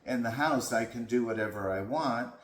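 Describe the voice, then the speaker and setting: A man's voice: medium pitch, normal speed, close to an everyday voice. A man voicing a reluctant pet dog that is tired of training drills, speaking in a whiny, complaining way. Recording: echoey room.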